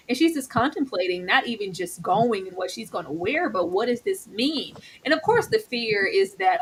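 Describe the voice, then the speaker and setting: A woman co-hosting a live, casual TV episode recap, talking animatedly and jumping into high voices when she quotes characters. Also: sing-song, moderate pace, hardly any pauses, slightly rough. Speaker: co-host reviewing a TV episode.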